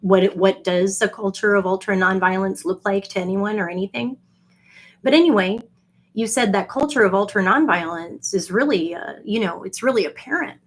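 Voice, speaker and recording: A woman, rambling on a livestream, swinging between gushing greetings to viewers and low confiding asides. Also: normal speed. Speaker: livestream vlogger.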